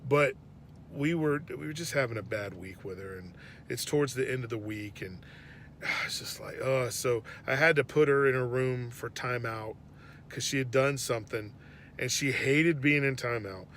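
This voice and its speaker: A man telling an earnest, reflective faith story about his daughter, often dropping to a hush. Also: mid-range voice, normal speed, slight background noise. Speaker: father sharing a faith reflection. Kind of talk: personal devotional storytelling.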